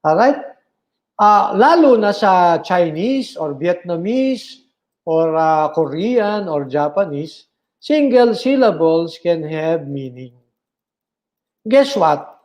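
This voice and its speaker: A man's voice: high voice, big pitch swings, slow, a little mellow. A man with a Filipino accent giving a philosophy lecture, mixing English and Tagalog, asking the class questions, answering them himself and repeating key points.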